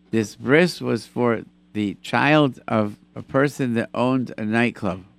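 A man hosting a call-in radio show, chatting with callers and telling animated stories with lots of repetition. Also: lowish voice, vocal fry, no echo. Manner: animated storyteller, repeats himself for emphasis. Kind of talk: call-in radio chat and storytelling.

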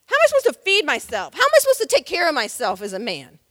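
A woman's voice: high voice, wildly swooping pitch, racing, a bit bright, no room sound, clean studio sound, long reverb tail, full character voice. A woman voicing a desperate young man with a felony record, insistent and repeating himself. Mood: angry.

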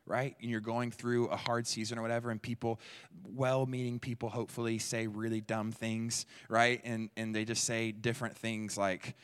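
A man preaching a sermon in a church, talking in a conversational, energetic way and acting out quoted people. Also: moderate pace, clean tone. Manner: conversational and energetic, jumps into playful high-pitched voices for quoted people. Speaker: pastor.

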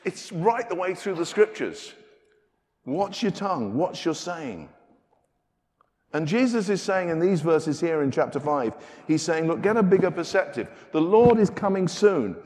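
A British man preaching a sermon in a conversational way, moving between loud emphasis and quiet asides. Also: on the high side. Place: church. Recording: long reverb of a church hall.

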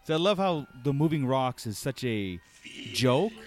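A man's voice: medium pitch, very animated, measured pace. A man chatting with friends while a movie plays, agreeable and chuckling. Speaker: movie watch-along co-host. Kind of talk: casual chat over a movie. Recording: music playing behind.

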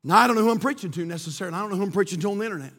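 A male preacher with a very high, bright, forceful voice delivers a fervent sermon, swinging between hushed moments and shouting. His voice rings with a long hall reverb in the church. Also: very fast. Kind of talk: sermon with storytelling. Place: church sanctuary.

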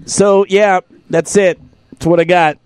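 A man's voice: sits high, a little slow, clear, resonant tone, dry recording. A man hosting a podcast, telling a profane comedic story with lots of laughter, sore and tired from an injured rib. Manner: profane, animated, laughs through his story. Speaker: podcast host.

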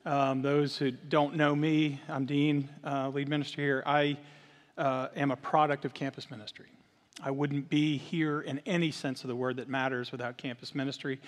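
A man's voice: medium pitch, normal speed. Man preaching in a reverberant church. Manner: animated when telling stories, earnest in prayer. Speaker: lead minister. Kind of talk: sermon with storytelling. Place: church sanctuary. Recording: long hall reverb.

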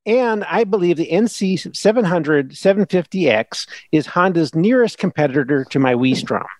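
A man doing an earnest Midwestern motorcycle fan with a broad Minnesota accent and a slow, folksy delivery. The voice sits somewhat high for a man and sounds close and dry, with no room around it. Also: animated, darkish tone, no echo, close to an everyday voice. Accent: put-on Upper Midwest, Minnesota. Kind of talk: reading a listener email aloud.

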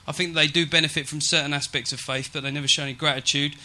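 A man's voice: on the high side, fairly even intonation, quick pace, sharp tone. A man performing a stand-up set in a comedy venue, brash and swearing with mock-serious asides.

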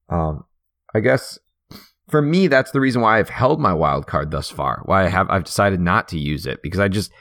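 A man's voice: low voice, fairly bright tone, dry recording, clean studio sound. A man co-hosting a podcast, chatting casually and thinking aloud with lots of fillers. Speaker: podcast co-host. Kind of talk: casual chat about fantasy football.

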